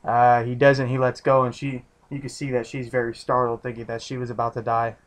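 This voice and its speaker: A man's voice: medium pitch, monotone, brisk. A man giving a casual, rambling recap of a TV episode, restarting his sentences often and swearing freely. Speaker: TV episode reviewer.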